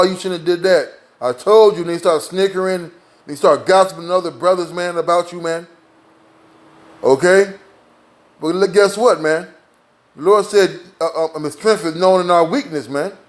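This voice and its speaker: A man with a notably high voice delivering a casual sermon. He talks to his listeners like friends, tags his points with "man" and "all right?", and slows into a measured cadence when he reads verses. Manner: informal, peppers lines with "man" and "all right?"; slows down to read scripture aloud. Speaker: preacher. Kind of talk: street-style sermon with scripture reading.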